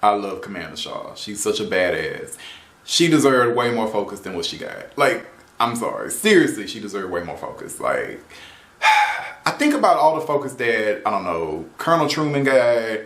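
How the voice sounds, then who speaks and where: A man's voice: lowish voice, huge pitch swings, moderate pace, a bit bright. A man giving a casual opinion rant on a show, exasperated and often laughing, tossing in "man" and "right?". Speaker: video reviewer. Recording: roomy echo.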